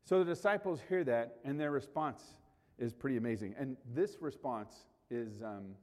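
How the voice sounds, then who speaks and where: A man's voice: medium pitch, normal speed, a little mellow, long reverb tail. A male pastor preaching a sermon in a conversational way, rising sharply for emphasis.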